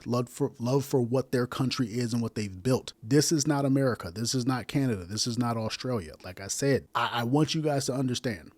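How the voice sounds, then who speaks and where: A man's voice: medium pitch, a little mellow, no room sound. A man hosting a reaction commentary, speaking emphatically and repeating phrases for stress. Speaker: commentary host. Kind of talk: reaction commentary to video clips.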